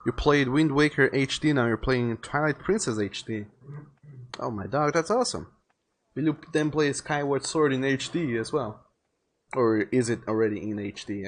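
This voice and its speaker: A man's voice: mid-range voice, moderate pace. A young man livestreaming a game, chatting casually in a rambling way and reading viewers' messages aloud. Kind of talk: casual gaming commentary.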